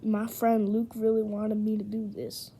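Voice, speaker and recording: A woman excitedly opening trading cards on camera, switching between hushed whispers and loud exclamations. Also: medium pitch, unhurried, slightly rough. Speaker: card-opening vlogger. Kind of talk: casual unboxing commentary. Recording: steady background noise.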